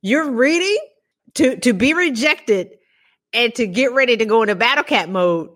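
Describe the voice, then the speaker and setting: A woman hosting a podcast interview, laughing often and acting out animated retellings. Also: on the high side, normal speed. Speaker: podcast host. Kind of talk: casual interview chat.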